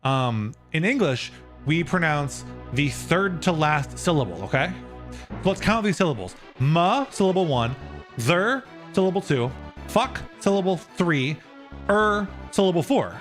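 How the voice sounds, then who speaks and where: A man's voice: fairly high pitch, expressive, normal speed, faint music behind. A young man streaming live, casually explaining a topic and answering his viewers' chat.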